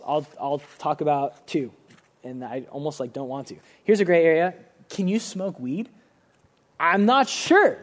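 A young man gives a sermon, talking to his congregation as casually as if he were chatting with friends. His voice sits a little on the high side for a man. He often acts out the dialogue of his stories in changing voices. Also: darkish tone. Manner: casual, conversational preaching with many fillers. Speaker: pastor.

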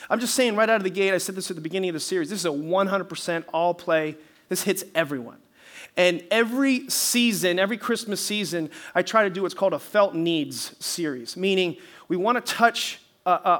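High-voiced, bright preacher man. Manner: animated storytelling, calls for amens. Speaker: pastor. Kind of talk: sermon.

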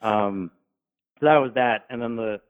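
A man casually recounts stories from his ambulance shifts, jumping into high, squeaky voices to play the people he met. His voice comes through thin and tinny, like a phone line. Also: unhurried, clean tone. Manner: animated, acts out drunk patients in high voices. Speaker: guest, former paramedic. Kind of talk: casual storytelling.

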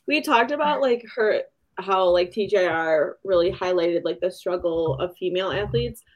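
A woman's voice: on the low side, normal speed, dull audio. A woman co-hosting a book review podcast, chatting casually, laughing often and acting out quotes. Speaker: podcast co-host.

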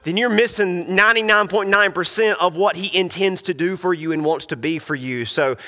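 A man preaches in a bright, forceful voice, leaning hard on key words and often starting his sentences over. His pitch sits a little high. The sound carries the long reverb of a hall. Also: moderate pace. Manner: earnest, emphatic, with frequent restarts. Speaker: pastor. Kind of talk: sermon.

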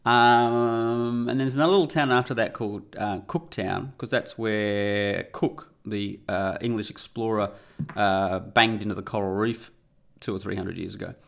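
A man's voice: lowish voice, steady tone, moderate pace, gravelly. A middle-aged Australian man guest-hosting a podcast from home, talking in a rambling, irreverent and profane casual monologue. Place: home room.

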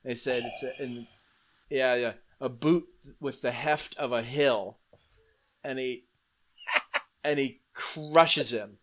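Animated man telling a story casually. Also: medium pitch, slow pace, long pauses. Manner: animated, swears freely, acts out quotes. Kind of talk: casual storytelling retelling a fantasy book.

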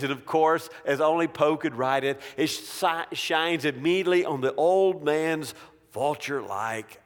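Male pastor, very slow, theatrical sermon delivery with swells and whispers; long church reverb. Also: a little high. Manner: slow, dramatic preaching with sweeping rises and hushed drops.

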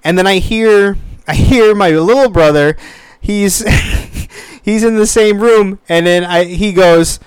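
A man in his thirties tells a story casually and with animation, swearing as he goes. His voice sits a little high and sounds smooth and resonant. The recording is dry and close, with no room sound. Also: slow, no echo. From United States. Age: 30s. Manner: animated, swears freely, acts out quoted voices.

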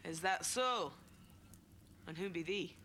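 A woman voicing a boastful Scottish rebel hero, a man, in a put-on Scottish accent, slow and theatrical. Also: on the low side, a bit bright, slight background noise, voice pushed up. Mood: mock-heroic. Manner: slow, theatrical, mock-heroic.

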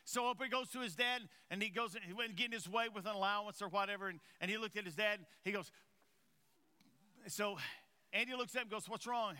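A man preaches in a high, very bright, sharp voice. He talks to the congregation in a conversational way, drops low and quiet, then climbs and gets loud. He stumbles and repeats words as he goes. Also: fast, smooth. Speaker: pastor. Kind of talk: sermon.

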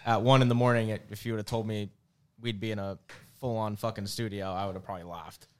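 A man's voice: fairly low pitch, steady tone, clean tone. A young man co-hosting a podcast, chatting in an easygoing way with lots of fillers. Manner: fast, easygoing, filler-heavy talk. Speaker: podcast co-host. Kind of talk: casual chat.

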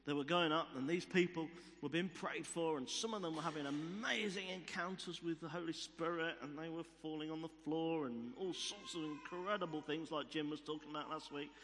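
A man's voice: on the high side, brisk, hardly any pauses, fairly bright tone, a little hiss or hum. A man preaching a sermon, telling stories and repeating key phrases for emphasis. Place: church hall. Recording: long reverb of a church hall.

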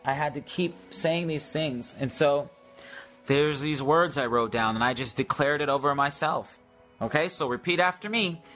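A man's voice: medium pitch, fairly bright tone. A man ministering in prayer, sharing a testimony and making repeated healing declarations, with many fillers.

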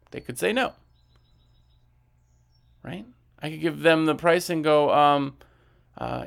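A man's voice: fairly high pitch, unhurried, gravelly, long pauses, a bit bright. A man giving a casual talk on selling window cleaning, acting out sales dialogue and often checking in with "right?". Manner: conversational, acts out sales dialogue, frequent "right?". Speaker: window cleaning business trainer.

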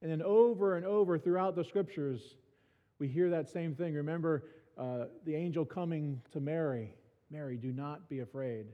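A man's voice: a little high, normal speed. A male pastor preaching a sermon in a church, talking casually with dry, self-mocking humor and restarting his words often. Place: church sanctuary. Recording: reverberant church hall, dull sound.

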